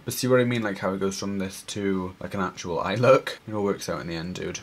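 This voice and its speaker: A young Welsh man with a Welsh accent, casually talking through eyeshadow shades and a makeup tutorial, chatty and gushing with lots of fillers. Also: low-pitched. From Wales. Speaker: makeup artist.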